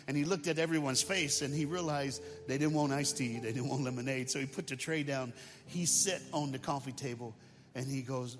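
A man's voice: fairly high pitch, steady tone, a little fast. A man preaching as a guest speaker, telling a story in a dramatic, colloquial way. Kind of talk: sermon storytelling. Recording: long hall reverb, faint music.

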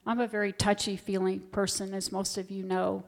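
Speaking at normal speed in a mid-range voice with little pitch movement, a middle-aged woman tells a heartfelt story in church. She volunteers as a hospital chaplain and delivers her testimony earnestly, while long church reverb colors the audio.

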